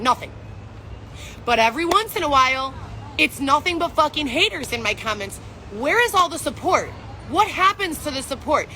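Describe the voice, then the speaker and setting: A pregnant woman rants straight into her camera outdoors, her high voice sharp and bright, with faint traffic behind her. She swears hard and fires off one rhetorical question after another. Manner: angry, profane, ranting, rhetorical questions. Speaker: vlogger. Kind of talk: emotional street vlog rant.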